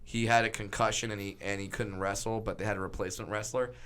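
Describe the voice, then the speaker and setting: Animated, stammering male comedian. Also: lowish voice, fast, clean tone. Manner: animated storyteller, stammering restarts. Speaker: comedian guest. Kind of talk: casual podcast chat.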